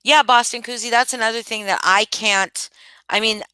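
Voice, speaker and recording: A woman's voice: fairly high pitch, steady tone, normal speed, bright, forceful tone, smooth, dry recording. A woman talking casually to her live chat, emphatic and repeating her points with many restarts. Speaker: livestream commentator. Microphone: home streaming mic.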